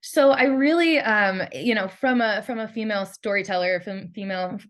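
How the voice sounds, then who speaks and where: A woman in her thirties, a guest on a casual podcast interview, talking thoughtfully with frequent ums and soft laughs. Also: medium pitch, normal speed. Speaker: guest, brand storyteller and creative director.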